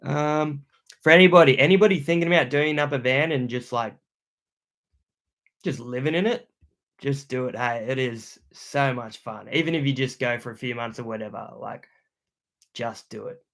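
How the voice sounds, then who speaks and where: A young adult man with an Australian accent, chatting loudly and casually on a livestream as he reads out viewer comments, full of slang. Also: mid-range voice, normal speed, vocal fry. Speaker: YouTuber hosting a livestream.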